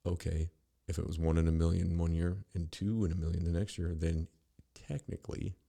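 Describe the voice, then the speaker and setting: A man's voice: sits low, level tone, a little fast, creaky, warm tone. A middle-aged man hosting a podcast, ranting in a rambling, profane, sarcastic monologue full of restarts. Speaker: podcast host.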